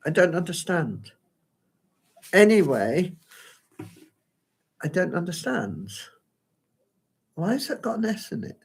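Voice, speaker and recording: A man performs live on his own at home by a window, rambling and flustered as he talks to himself. His husky, gravelly voice sits high and swings widely in pitch, and he goes slowly with long pauses.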